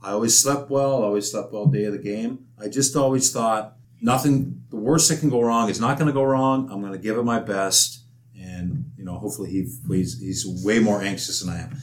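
A man's voice: on the low side, a little fast. Man telling old hockey fight stories. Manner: animated anecdotes, laughs often. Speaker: retired hockey enforcer guest. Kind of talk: casual storytelling.

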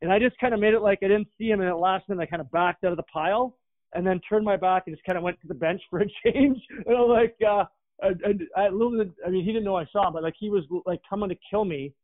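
A former hockey player rambling through a story in casual chat, with many fillers. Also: male voice, sits high, fast. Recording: tinny phone line.

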